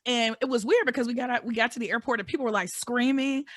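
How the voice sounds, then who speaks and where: A woman in her forties co-hosts a live chat show, with a bright, fairly high voice. She tells stories expressively and laughs often. The sound is dry and close to the mic. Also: fast talker, no room sound. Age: 40s. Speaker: co-host.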